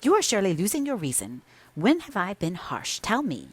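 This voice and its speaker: A woman voicing a proud, sharp-tongued young mistress of the house who speaks with scorn and emphasis. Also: medium pitch, wildly swooping pitch, a little fast, husky, dry recording, voice pushed up. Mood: scornful, emphatic.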